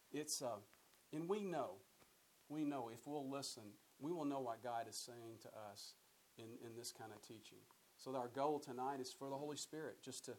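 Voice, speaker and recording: A man's voice: medium pitch, a little mellow, a little hiss or hum, low-quality recording. A man teaching a Bible study in a conversational way, often repeating words and putting questions to his listeners. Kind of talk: sermon-style Bible teaching.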